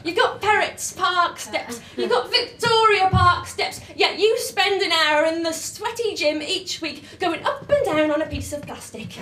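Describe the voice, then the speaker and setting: A woman's voice: very high voice, measured pace, few pauses, bright, forceful tone. A woman doing live stand-up comedy and performance poetry in a bawdy, punchy manner. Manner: brash, bawdy, punchy delivery. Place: comedy club stage. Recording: echoey live room from far off.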